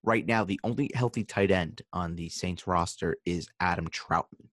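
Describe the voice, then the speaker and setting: A man co-hosting a casual fantasy football chat, giving numbers and making dry, deadpan jokes. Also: low voice, moderate pace, dry recording. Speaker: podcast co-host.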